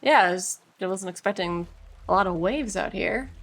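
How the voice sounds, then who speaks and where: A woman's voice: mid-range voice, normal speed. A woman playing a tabletop role-playing game, casually talking in and out of character. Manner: relaxed, conversational, mixes in-character lines with narration. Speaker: player.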